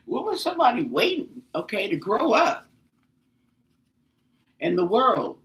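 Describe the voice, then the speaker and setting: A woman doing a casual tarot reading for viewers, exclamatory and animated, pleading with the cards to tell her more. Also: a little high, a little slow. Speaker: tarot reader.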